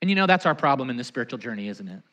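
A man's voice: mid-range voice, racing, muffled recording. A man preaching a sermon as a pastor, leading the congregation to repeat lines and acting out stories and quotes. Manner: animated, acts out anecdotes and quotes; leads the congregation in call-and-response.

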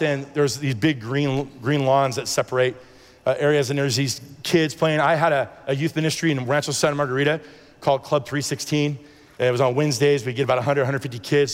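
A preacher whose voice sits a little high shares his faith testimony as a sermon in a large hall. He speaks earnestly but rambles, restarting many times and dramatizing dialogue.

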